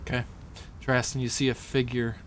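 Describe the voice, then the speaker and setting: A man's voice: mid-range voice, level tone, moderate pace, crowd noise. A man running a tabletop game as game master, narrating scenes in a matter-of-fact way.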